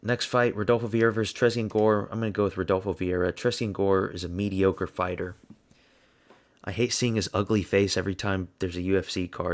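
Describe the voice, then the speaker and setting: A man hosting his own channel, talking through casual fight predictions in a blunt, rambling way, thinking aloud as he goes. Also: sits low. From United States. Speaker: host.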